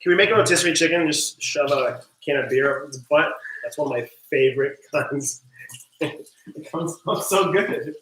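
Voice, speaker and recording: A woman co-hosting a casual cooking livestream while washing dishes in a home kitchen, chatty and quick to laugh. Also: low-pitched, a bit bright. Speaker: co-host. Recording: echoey kitchen, faint noise.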